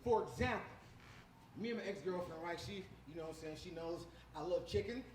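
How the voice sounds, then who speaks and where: A man's voice: high voice, fairly quick, a little mellow, distant mic. A man doing a stand-up comedy set, telling crude, rambling stories from a club stage. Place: comedy club stage before a live audience. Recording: roomy club sound with clear background noise.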